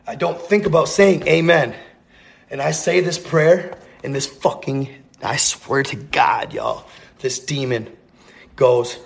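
A man's voice: fairly high pitch, a little slow, creaky. A man telling a rambling, profane story in a casual, earnest way, full of slang and repeats. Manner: earnest, intense.

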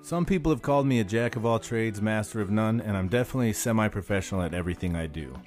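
A man's voice: lowish voice, fast, a little mellow, soft background music. A man hosting his own podcast from a practice studio, talking in a blunt, profane, angry rant. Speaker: podcast host. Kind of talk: solo podcast monologue.

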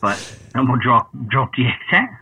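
A man's voice: mid-range voice, big pitch swings, normal speed, sharp tone, husky, dry recording. A man from Michigan sends a friendly, joking voice memo to a podcast, swearing casually. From Michigan, USA. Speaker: fan sending a voice memo. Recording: dull lo-fi phone voice memo.

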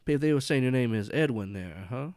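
A man's voice: medium pitch, expressive, brisk, a little mellow, no echo, studio quality. A man running a tabletop horror game as game master, narrating casually with lots of fillers and frequent laughs. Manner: rambling, laughs often, many fillers.

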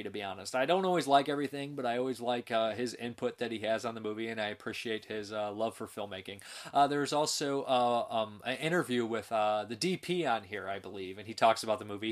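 A man's voice: on the low side, a bit bright. A man hosting a casual film review show, talking in a rambling, enthusiastic way with restarts and laughs.

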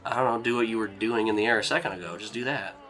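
A man playing a laid-back young guy who teases his companion in a tabletop role-play scene, with a bright, forceful edge to his voice. He sounds relaxed and playful. Faint music sits underneath. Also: on the low side, rapid-fire, natural voice. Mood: teasing. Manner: relaxed, teasing banter. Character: easygoing young male hotel companion, playful.

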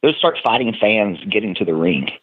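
A man with a Tennessee accent talks about wrestling in a relaxed, rambling way, often stopping to restart a sentence. His voice sits a bit low. The sound is thin and phone-like. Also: brisk, breathy edge. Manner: relaxed storytelling with many restarts. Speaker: wrestler guest. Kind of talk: casual interview chat. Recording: phone-like remote audio.

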